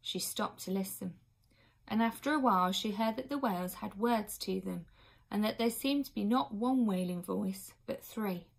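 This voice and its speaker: Woman, storybook reader, expressive, medium pitch, occasional asides. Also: normal speed, creaky, husky. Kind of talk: reading a children's book aloud.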